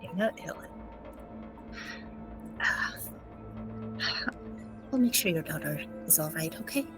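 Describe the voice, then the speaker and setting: A woman voicing a shrewd, flattering old woman who runs a supply depot and sweetly calls people dear. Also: low voice, takes it slowly, over music. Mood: calm.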